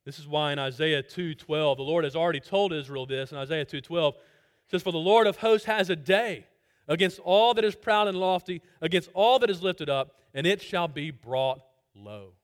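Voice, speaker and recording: A man preaching an expository sermon, swinging between loud emphatic lines and quiet low asides. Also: moderate pace. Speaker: pastor.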